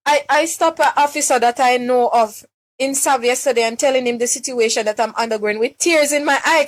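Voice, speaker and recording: A Jamaican woman speaks on a live stream with a fairly high voice, upset and pleading. She halts often, repeating words and restarting her sentences as she appeals for help. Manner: distressed, halting, many restarts and repeated words. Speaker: mother making a public appeal.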